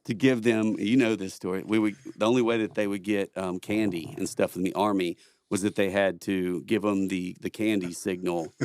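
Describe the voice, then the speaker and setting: Guy, middle-aged, low voice, profane, chuckly storyteller, dry studio sound. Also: fairly even intonation, normal speed, a little mellow, dry recording. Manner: rambling, laughs a lot, profane. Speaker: podcast guest, former Marine. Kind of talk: casual storytelling chat.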